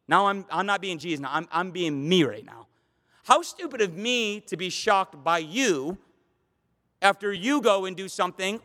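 A man's voice: high-pitched, pushed and bright. A man preaching a Bible study, fervent and emphatic. He repeats phrases for stress and talks conversationally, with fillers and restarts. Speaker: pastor teaching a Bible study. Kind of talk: expository sermon. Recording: long hall reverb.

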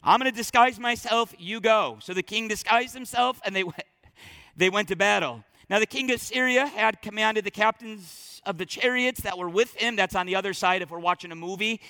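A man preaching a sermon in an emphatic storytelling way, swinging between loud and soft. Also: high voice, brisk. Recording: long reverb in large hall.

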